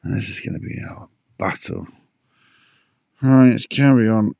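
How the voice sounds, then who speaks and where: A man's voice: on the low side, unhurried, creaky, dark tone, dry recording. A man casually talking through pond repairs outdoors, muttering to himself and out of breath, recorded on dull lo-fi audio. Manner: muttering, self-talking while working. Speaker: pond keeper vlogger. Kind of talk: casual DIY vlog commentary.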